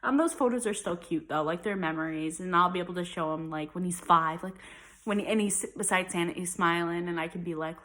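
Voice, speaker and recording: A woman's voice: on the low side, brisk, fairly bright tone. A young woman chatting casually in a vlog, rambling with lots of fillers. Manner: chatty and rambling, many likes and ums. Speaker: mom vlogger. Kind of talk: casual chat.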